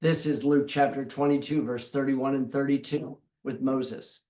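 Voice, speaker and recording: A man's voice: mid-range voice, steady tone, normal speed, mellow, highs cut off. A man giving a devotional Bible teaching, emphatic and fond of repeating phrases for stress. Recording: roomy echo.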